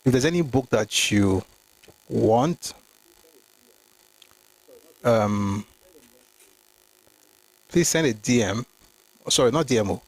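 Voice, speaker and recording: Slow and animated, with long pauses, a man with a mid-range voice reads documents on a history livestream and comments emphatically; there's no echo. He talks to viewers by name and mixes in Yoruba phrases.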